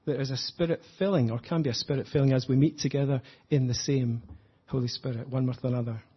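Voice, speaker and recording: A man preaching an earnest, reflective sermon, slowing down to stress his points. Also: mid-range voice, fairly even intonation, slightly rough, muffled recording. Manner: earnest, reflective, slows for emphasis.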